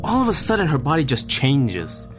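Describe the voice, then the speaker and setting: A man reading a scripted first-person voice-over, in a measured, plain storytelling manner. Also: on the high side, huge pitch swings, music in the background. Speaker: voice-over narrator. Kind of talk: scripted narration.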